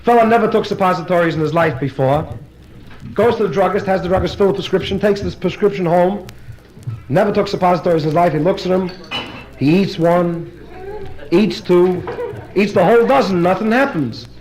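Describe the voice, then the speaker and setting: Stand-up comedian, man with a high voice, brisk punchline-driven delivery at a live party. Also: a little mellow, low-quality recording. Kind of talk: live stand-up joke telling.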